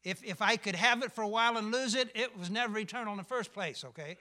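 Bright high-voiced preacher man. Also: quick pace. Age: older. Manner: emphatic, asks the congregation questions. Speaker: pastor. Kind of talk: sermon.

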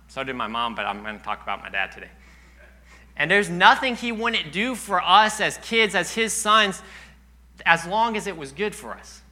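A man's voice: fairly high pitch, sharp tone. A young man preaching a sermon in a church, telling earnest personal stories, at times choked up.

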